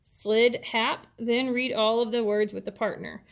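A woman's voice: fairly high pitch, fairly even intonation, unhurried, creaky. A woman teacher, patiently explaining a worksheet step by step to her students. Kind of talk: classroom instruction video.

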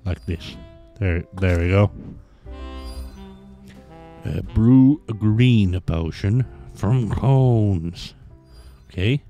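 Low-voiced guy grumbling thru a game, swears a lot, super slow and drawly, faint music behind. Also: dark tone. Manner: grumbling and sarcastic, swears often. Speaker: gamer playing a hidden-object game. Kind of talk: casual let's play commentary.

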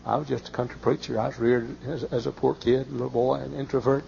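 Folksy preacher on old tape. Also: male voice, fast talker, gravelly. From Texas. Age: 50s. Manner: folksy, animated, often cries out in high excited bursts. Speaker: pastor. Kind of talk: sermon with storytelling. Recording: muffled old sermon tape with faint hiss.

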